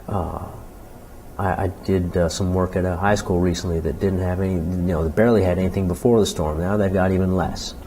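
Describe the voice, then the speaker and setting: Low-voiced man, halting interview talk. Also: slight background noise, rough recording. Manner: halting, many restarts, animated when quoting people. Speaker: interviewee, jazz clarinetist. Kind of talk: reflective conversational interview.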